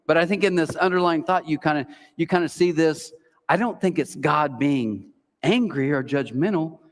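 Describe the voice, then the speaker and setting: A middle-aged man preaching as pastor, talking in a loose, conversational storytelling way, full of restarts and asides. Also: on the high side. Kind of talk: sermon. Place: church auditorium. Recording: church hall with long reverb.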